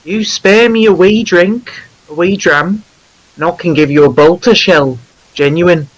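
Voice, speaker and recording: A man's voice: sits high, a little slow, rough recording. A man voicing a sly male soldier driver who haggles, in a silly put-on voice with crude banter. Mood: wheedling.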